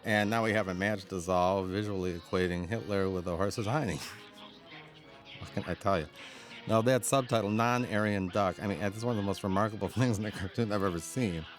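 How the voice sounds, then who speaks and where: Deep-voiced male commentator, enthusiastic and anecdotal, laughing between remarks. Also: moderate pace, faint music behind. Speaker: film commentator. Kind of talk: audio commentary on a cartoon.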